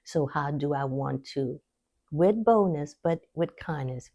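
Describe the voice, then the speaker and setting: A woman hosting a faith-based wellness talk, speaking straight to her viewers in an encouraging, teaching way and laughing easily. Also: a little slow. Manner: warm encouraging teaching, lively pitch swings, laughs easily. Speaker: host.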